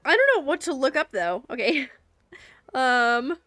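A woman's voice: high voice, sing-song, unhurried, sharp tone, dry recording, soft background music. A young woman streaming live and chatting casually with her viewers, rambling and giggling with frequent restarts. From United States.

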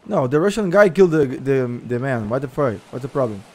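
A Brazilian man with a Brazilian Portuguese accent, excitedly chatting and shouting with other players during an online survival game. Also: medium pitch, brisk, slight background noise. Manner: loud, excitable, shouts and laughs, switches between Portuguese and English. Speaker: gameplay streamer. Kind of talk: excited multiplayer game chat.

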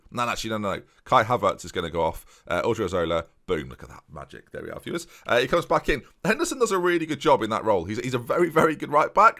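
Young male gaming host, lively pitch, chatty, talks straight to the viewers, gets loud for goals. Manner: chatty, keeps addressing "viewers", rises into excited match commentary. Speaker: gaming YouTuber. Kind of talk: casual commentary over a football management game.

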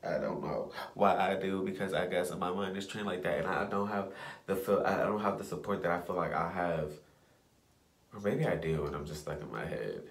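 A man's voice: low voice, normal speed, creaky, echoey room. A young man ranting to himself in a casual vlog, blunt and profane, repeating phrases as he pushes himself on. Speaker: vlogger. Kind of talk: casual self-talk rant.

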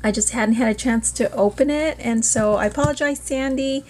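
A woman in a casual unboxing vlog, gushing and excitable, often exclaiming with delight. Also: fairly high pitch, normal speed, a little hiss or hum. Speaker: vlogger.

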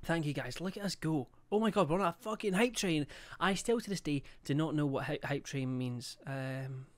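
A young man livestreams a game, chatting casually, swearing a lot, and reading out chat and subscriber messages. His voice is on the high side and moves at normal speed.

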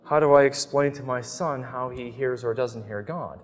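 A man's voice: mid-range voice, fairly even intonation, normal speed, long reverb tail, a little hiss or hum. A middle-aged man giving an earnest, emphatic talk on prayer, telling stories as he teaches. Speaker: Catholic speaker. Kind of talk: sermon-style teaching talk.

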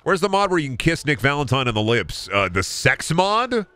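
A man's voice: on the high side, very animated, moderate pace, sharp tone, dry recording. A man in his late twenties from Iowa with a Midwestern accent, rambling crudely and joking through a casual game stream, tired from little sleep. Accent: Midwestern American. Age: 20s. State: sleep-deprived. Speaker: gaming streamer. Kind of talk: casual livestream commentary.

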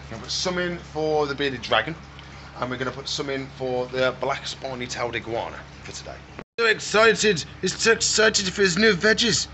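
Bright-voiced playful man. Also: medium pitch, expressive, moderate pace, a little hiss or hum. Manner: playful, baby-talks to animals. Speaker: reptile shop owner and vlogger. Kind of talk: casual vlog narration. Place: pet shop.

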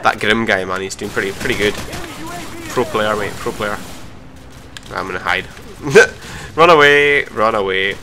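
A young man giving live commentary over his own gameplay, swearing and mocking himself between sudden excited outbursts. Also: lowish voice, unhurried, pauses often. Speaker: gaming commentator.

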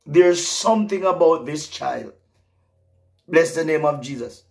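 Male preacher, middle-aged, gravelly, unhurried, emotional prophetic sermon. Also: on the high side, darkish tone. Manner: emotional, rising to fervent exclamations.

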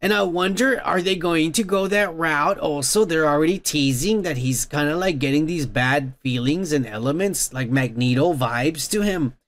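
A man with a high voice hosts a casual podcast, retelling a cartoon episode in a rambling, excitable way. He swears constantly and piles on fillers as he goes. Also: normal speed, few pauses. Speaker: podcast host.

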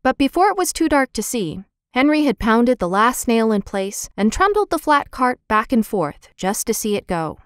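A woman narrating a children's storybook in a lively, expressive reading, voicing the characters' lines. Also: fairly high pitch, normal speed, hardly any pauses, clear, resonant tone, no echo, clean studio sound. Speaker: audiobook narrator.

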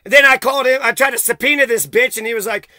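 A man with a very high, sharp and piercing voice unloads a profane, accusatory rant straight at the camera. His heated delivery sounds close and completely dry, with no room at all around it. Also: quick pace, no echo. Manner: heated, swearing constantly, accusatory. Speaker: vlogger.

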